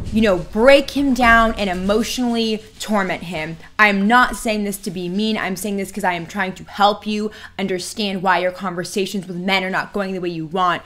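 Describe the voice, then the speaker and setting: A woman's voice: medium pitch, a bit bright. A woman hosting a dating advice video, speaking bluntly and emphatically and repeating her key points. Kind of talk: direct-to-camera advice talk.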